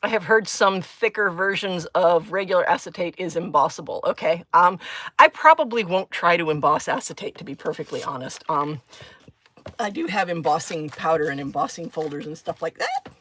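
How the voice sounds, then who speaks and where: Bright, chatty woman crafting live. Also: on the low side, lively intonation, moderate pace, dry recording. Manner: chatty, giggly, thinks aloud and answers chat comments. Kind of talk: casual live-stream chat while crafting.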